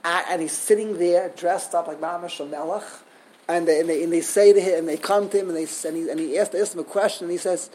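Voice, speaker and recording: A man giving a Talmud class lecture, telling stories with animated rhetorical questions and frequent restarts. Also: high-pitched, fast, breathy edge. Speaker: Talmud teacher.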